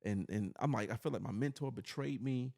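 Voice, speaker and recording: A man's voice: medium pitch, brisk, vocal fry, darkish tone. A man from New York City, a podcast host, telling a personal story in casual chat, earnest and rambling with lots of "you know.".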